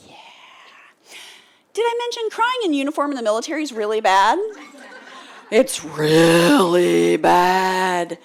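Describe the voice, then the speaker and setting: Her voice is gravelly and medium-pitched, and this American woman speaks slowly, pausing often, as she gives a motivational keynote to a live audience. She tells a story with animation, voicing the people in it and prompting the listeners to respond.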